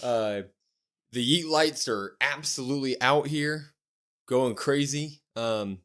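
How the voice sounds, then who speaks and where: A man co-hosting a casual podcast, retelling events in an animated play-by-play way with loose slang. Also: medium pitch, slow. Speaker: podcast co-host. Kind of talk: casual chat recapping a wrestling show.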